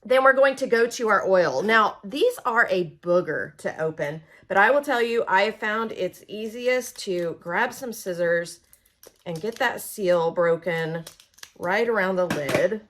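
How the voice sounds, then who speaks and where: Her mid-range voice has a fairly bright tone and a measured pace. She's an Oklahoma woman giving a casual how-to demo, folksy and conversational, speaking straight to viewers as friends.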